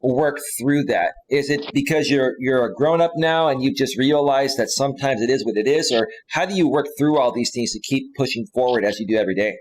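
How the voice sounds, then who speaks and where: A man in his forties from California, hosting a live stream panel in a rambling, animated way. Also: medium pitch, fairly quick, hardly any pauses, low-quality recording. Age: 40s. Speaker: host.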